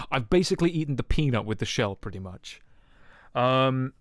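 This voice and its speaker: A man's voice: mid-range voice, brisk, dry recording, clean studio sound. A young man streaming, telling a rambling story to his chat with lots of fillers and swearing. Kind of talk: casual chat with viewers. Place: home streaming setup.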